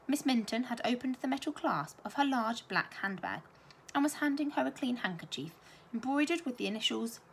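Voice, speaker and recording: A woman teacher reading a children's novel aloud with expressive storytelling. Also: a little high, vocal fry, a little hiss or hum.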